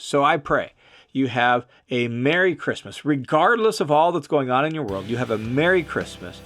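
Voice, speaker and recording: A man's voice: medium pitch, animated, moderate pace, a bit bright. A man hosting a devotional podcast, giving an earnest, emphatic reflection and reading scripture aloud. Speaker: podcast host and Bible teacher.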